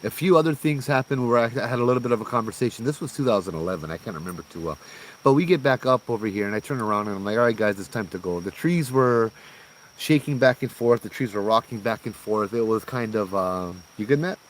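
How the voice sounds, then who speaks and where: A man telling a ghost-tour story outdoors on a trail at night, casual and animated, calling people bro and laughing as he goes. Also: medium pitch, quick pace, slight background noise, rough recording.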